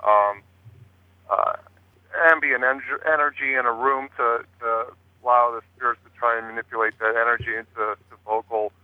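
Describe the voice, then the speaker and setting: A man's voice: mid-range voice, fairly even intonation, normal speed, dry recording. A man speaks down a thin, phone-like line with no room sound. He rambles, piling up fillers and restarts as he explains his investigations in casual chat. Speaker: paranormal investigator guest. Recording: tinny dry phone line.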